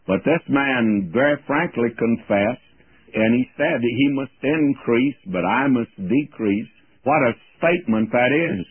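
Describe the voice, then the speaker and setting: Older man, husky voice, folksy radio Bible teacher, tinny phone-like broadcast sound. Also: mid-range voice, dry recording. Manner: folksy, plain-spoken, slows to quote scripture. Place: radio studio.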